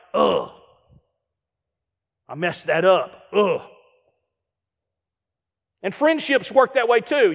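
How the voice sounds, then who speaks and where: Guest preacher, middle-aged man, high-pitched, lively delivery with mimicked voices, reverberant church hall. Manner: animated preaching with acted-out asides and rhetorical questions. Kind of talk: sermon.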